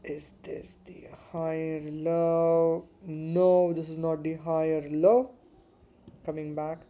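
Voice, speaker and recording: A man's voice: fairly high pitch, flat delivery, slow, warm tone, clear, resonant tone. A man giving casual live commentary while trading forex, muttering and repeating words to himself and swearing freely. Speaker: forex trader streaming live.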